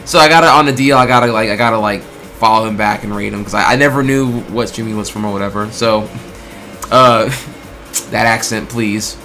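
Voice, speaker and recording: A man telling a story in a casual, animated way, swearing often, packed with filler words and acted-out exchanges. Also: on the low side, moderate pace, over music. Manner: acts out quoted exchanges in bursts. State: throat getting tired.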